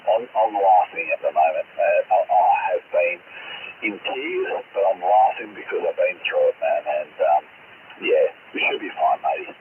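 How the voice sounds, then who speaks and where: A man's voice: low voice, normal speed. An Australian man talking on CB radio, earnest and reassuring, calling everyone mate. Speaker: CB radio operator. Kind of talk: casual radio chat. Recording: hissy, tinny radio transmission.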